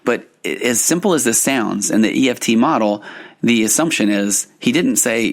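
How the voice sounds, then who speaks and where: A man's voice: mid-range voice, expressive, normal speed, vocal fry. A man who hosts a podcast and works as a couples therapist, explaining ideas in an earnest way and often restarting his phrases. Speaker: podcast host and marriage therapist. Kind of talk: solo podcast teaching.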